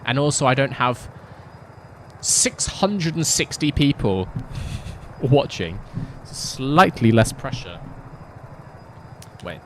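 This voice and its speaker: A man's voice: mid-range voice, big pitch swings, slow pace, pauses often, slight background noise. A young man streaming a racing game from his home setup on a headset mic, chatting in a rambling, self-deprecating way with giggly asides. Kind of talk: casual gaming live-stream chat.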